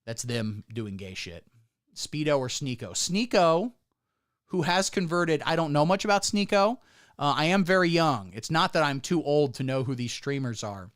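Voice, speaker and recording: A man's voice: on the high side, animated, moderate pace, a bit bright, no echo, clean studio sound. A man hosting a comedic livestream from Ohio, talking in a rambling, irreverent, sarcastic way.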